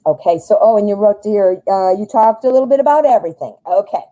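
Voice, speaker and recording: A woman's voice: mid-range voice, lively intonation, fast talker, mellow, rough recording. A woman from the United States hosting a live-stream tarot reading. She rambles, thinks aloud with many fillers, goes off on tangents, and jokes at her own expense. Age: adult, married. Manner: self-deprecating humor, goes off on tangents. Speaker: tarot reader host.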